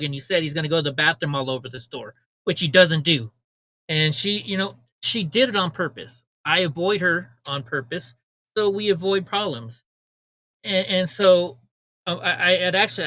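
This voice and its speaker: A man with a fairly high, bright, tense voice tells a long story to his live chat. He rambles, stumbles over repeated words and slips into quoted lines from the people in the story. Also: rough recording. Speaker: livestream host.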